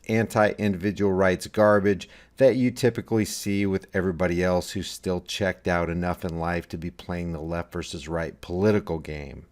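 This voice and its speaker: Scornful low-voiced man commentating. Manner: scornful, sweeping rhetoric with heavy emphasis. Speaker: political commentary vlogger. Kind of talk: scripted commentary voice-over.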